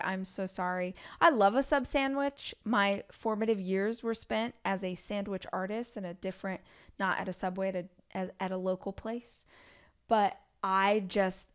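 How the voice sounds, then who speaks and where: Smooth-voiced woman in her forties telling stories. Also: medium pitch. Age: 40s. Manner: candid, chatty storytelling with asides. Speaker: podcast host. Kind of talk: solo podcast monologue.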